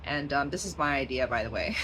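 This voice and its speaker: A woman's voice: very deep voice, animated, brisk, fairly bright tone, slight background noise, low-quality recording. A woman talking in a rambling, stream-of-consciousness vlog, drifting into tangents and laughing often. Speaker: vlogger.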